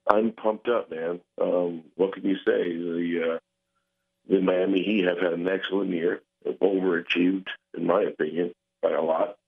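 A man's voice: low-pitched, fairly even intonation, moderate pace, creaky, slightly rough. Older male caller on a tinny phone line. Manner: passionate, insistent, argumentative.

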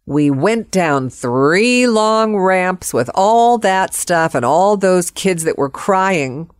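A woman with a lowish voice tells a personal story, vivid and expressive. The sound is dry and close, with no room echo at all. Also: slow pace, smooth. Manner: vivid, expressive, acts out quotes.

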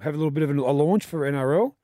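A man from Australia co-hosting a casual radio sports chat, playful and quick with jokes. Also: on the high side, dry recording, studio quality. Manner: playful, jokey, lively questions. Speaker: radio co-host.

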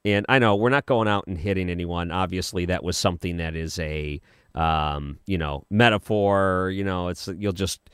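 A man's voice: sits low, fairly even intonation, moderate pace, clean tone, dry recording, studio quality. A man hosting a late-night call-in radio show, easygoing and agreeable, often chuckling. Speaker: radio talk show host. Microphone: studio microphone.

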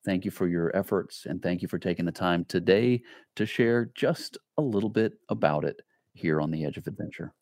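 Very deep-voiced male podcast host. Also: moderate pace, darkish tone, no room sound, studio quality. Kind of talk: podcast interview and outro.

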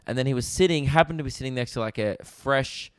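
A young Australian man, a comedian and podcast host, telling stories in an animated, rambling way with plenty of swearing, in a casual chat recorded in a rented apartment. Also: mid-range voice, fast, clear, resonant tone, no room sound, studio quality. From Victoria, Australia.

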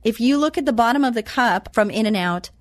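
A woman giving a motivational talk. She quotes scripture slowly and with emphasis, then chats about her own life. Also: fairly high pitch, lively intonation, no room sound, studio quality. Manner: chatty and personal, tells anecdotes. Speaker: self-empowerment speaker.

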